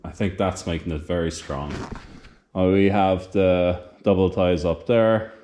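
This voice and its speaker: Breathless low-voiced man on a work site. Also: steady tone, a little slow, dark tone, a little hiss or hum. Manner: rambling, self-correcting, plain-spoken. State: out of breath, tired. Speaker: vlogger renovating a farmhouse. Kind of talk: casual work commentary to camera. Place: building site, partly on a roof outdoors.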